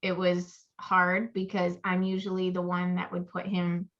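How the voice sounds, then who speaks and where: A woman's voice: lowish voice, completely flat delivery, unhurried, fairly bright tone. A woman co-hosting a casual chat podcast, rambling through stories and acting out her own inner voice. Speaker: podcast co-host. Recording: muffled lo-fi audio.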